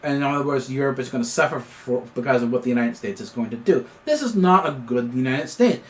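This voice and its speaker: A man's voice: mid-range voice, lively intonation, fast talker. A man hosting his own news commentary show, talking off the cuff with many fillers and restarts. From Canada. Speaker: host of an independent news commentary channel. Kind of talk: unscripted political commentary monologue.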